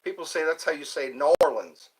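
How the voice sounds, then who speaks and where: An older man hosts a live stream, chatting with viewers in a loose, playful, rambling manner and slowly sounding out their names. His voice is a little high, and the recording is very noisy.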